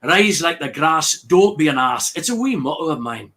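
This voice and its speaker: A man voicing a brisk, military, self-important male Highland cow with a Scottish accent. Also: animated, fairly bright tone. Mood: drill-like. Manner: brisk, military, full of himself.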